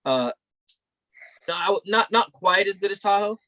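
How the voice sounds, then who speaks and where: A man's voice: high voice, animated, a little slow, sharp tone, dry recording. A young man co-hosting a podcast, telling a rambling, profane story in casual chat. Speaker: podcast co-host.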